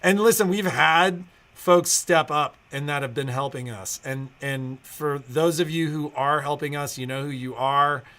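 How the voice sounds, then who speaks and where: A man's voice: fairly high pitch, fairly even intonation, a little slow, hardly any pauses, a bit bright. A middle-aged man hosting a casual livestream for his store, rambling through updates with many "so, um" fillers and restarts.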